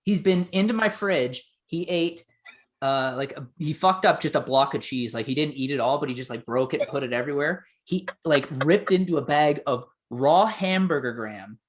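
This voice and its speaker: Young man, fairly high voice, casual podcast chat, swearing, acts out quotes. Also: moderate pace. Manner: swears freely, quotes people in lively voices. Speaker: podcast co-host telling a story.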